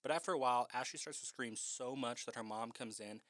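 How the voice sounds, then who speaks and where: A man's voice: mid-range voice, fairly quick, a bit bright, no room sound, clean studio sound. A man casually recapping a horror film in a chatty, profane way, with lots of "like".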